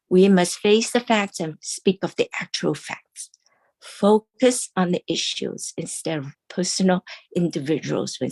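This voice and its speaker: Gravelly-voiced woman teaching a class. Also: on the low side. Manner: earnest, gently instructive, with restarts. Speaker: Dao study class teacher. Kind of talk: online religious class talk.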